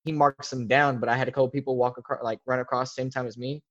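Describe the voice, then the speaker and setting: A man's voice: medium pitch, flat delivery, quick pace, a bit bright, dull audio. A young man, a podcast guest, telling a casual story in a rambling way, full of filler words. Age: young adult.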